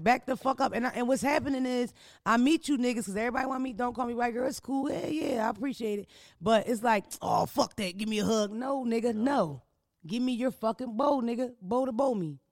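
A woman hosting an advice podcast in a studio, telling stories in a loud, profane, animated way. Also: on the high side, no room sound. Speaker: podcast host giving advice. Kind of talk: casual comedic chat.

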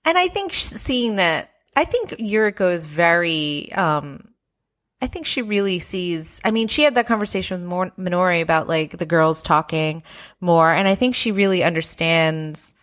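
A woman co-host in casual chat, lively and quick to act out what people said. Her voice sits a little low for a woman. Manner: animated, acts out quotes in high squeaky voices. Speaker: podcast co-host. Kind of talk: casual chat reviewing a reality show.

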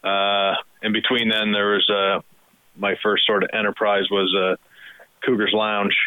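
A man's voice: lowish voice, monotone, a little slow, clear, resonant tone, no echo, phone-quality sound. A middle-aged man from Canada, a restaurant owner, chatting casually and jokingly as an interview guest. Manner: easygoing, jokey. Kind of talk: casual interview over a call.

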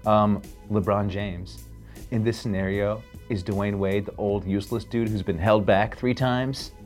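Low-pitched male podcast co-host, casual joking banter, faint music underneath. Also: steady tone, unhurried, a little mellow. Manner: jokey, trades beefs and roasts. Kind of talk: casual sports chat.

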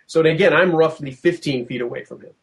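A man recounting a tense field investigation in casual storytelling, lively and quoting himself, with frequent restarts. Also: fairly high pitch, fairly quick, gravelly. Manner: animated, acts out quotes, many restarts.

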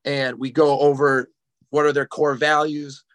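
A man's voice: fairly high pitch, level tone, unhurried, a little hiss or hum. A man who is a strength and conditioning coach, explaining his motivation program directly on a group coaching call. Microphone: video call.

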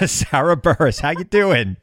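A man from New York hosting a casual political podcast chat, jokey and quick to laugh. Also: fairly high pitch, no room sound, studio quality. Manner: jokey, animated, laughs often. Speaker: podcast host.

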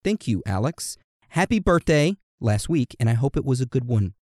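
A man co-hosting a podcast in casual chat, playfully reading out listener messages and birthday shout-outs. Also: medium pitch, very animated, moderate pace, dry recording, studio quality. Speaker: podcast co-host.

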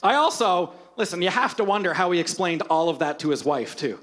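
A male pastor with a high, bright-toned voice delivers a sermon. He tells scripture stories with playful humor and lively energy, then turns earnest as he speaks to the congregation. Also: a little fast. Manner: animated, humorous storytelling of scripture.

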